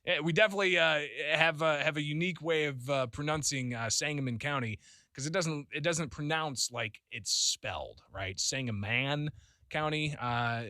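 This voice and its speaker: A man's voice: fairly high pitch, sharp tone, dry recording, studio quality. A man hosting a call-in radio talk show, chatty and laughing often, with lots of fillers. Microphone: studio microphone.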